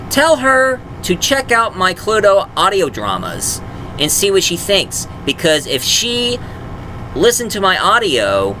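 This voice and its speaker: A man's voice: a little high, pushed and bright, a little hiss or hum. A man who makes audio dramas, talking in a casual, rambling way with frequent fillers and restarts. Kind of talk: casual vlog talk.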